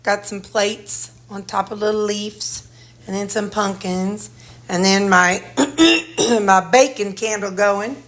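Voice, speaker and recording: A woman's voice: medium pitch, steady tone, slow pace, fairly bright tone, faint music behind. Casting note: easygoing Missouri woman, home vlogger, rambling and chatty, filmed on a handheld phone. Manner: rambling, chatty, talks to her dogs. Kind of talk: casual home tour vlog. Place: her house, indoors.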